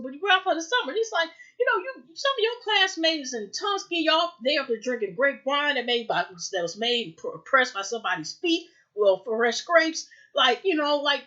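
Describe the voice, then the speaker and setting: A woman's voice: high-pitched, sharp tone. Rambling woman recapping a TV episode. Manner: rambling, heavy fillers, acts out dialogue. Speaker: TV recap reviewer. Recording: muffled lo-fi home recording.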